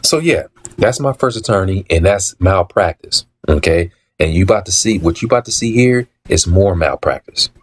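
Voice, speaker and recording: A man telling his story in a casual monologue, repeating himself for emphasis, acting out quoted dialogue and often clearing his throat. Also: low voice, animated, moderate pace.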